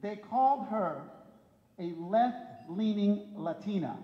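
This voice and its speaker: A man's voice: high-pitched, expressive, slow pace, dull audio. Teasing male emcee in an echoey ballroom. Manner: playful, teasing, punchline timing. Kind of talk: joking emcee introductions. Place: hotel ballroom event.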